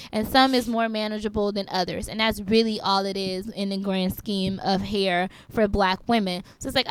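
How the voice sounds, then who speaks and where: A woman co-hosting a podcast in casual chat, talking through her thoughts and repeating herself as she goes. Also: medium pitch. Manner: chatty, repeats herself while thinking aloud. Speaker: podcast co-host.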